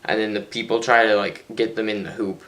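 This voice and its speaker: A man's voice: fairly low pitch, little pitch movement, brisk, a bit bright. A tired teenage boy rambling chattily through a casual daily vlog from his bedroom, poking fun at himself. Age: teens. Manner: rambling, chatty, self-mocking. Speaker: vlogger.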